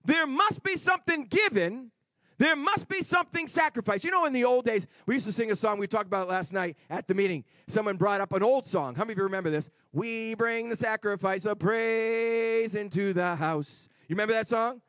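Male preacher, high and animated pitch, emphatic sermon with shouted peaks and soft asides. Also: quick pace, no echo, studio quality. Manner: emphatic, swings between shouting and quiet asides. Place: church before a congregation.

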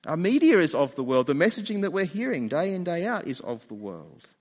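A man's voice: fairly high pitch, sing-song, a little fast, long reverb tail. A man preaching a sermon in a conversational way, often asking rhetorical questions. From Australia. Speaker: pastor.

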